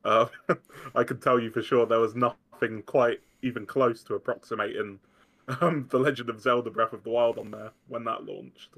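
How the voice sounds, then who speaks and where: A man's voice: medium pitch, steady tone, moderate pace, vocal fry, a bit bright. A man rambling in a casual podcast chat and laughing easily.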